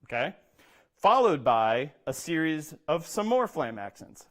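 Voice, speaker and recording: A man's voice: a little high, very animated, unhurried. A man who is a percussion instructor, explaining drum exercises step by step and often checking in with "okay?". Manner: explains step by step, says "okay?" often, speaks rudiment names in a rhythm. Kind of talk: instructional talk with demonstration.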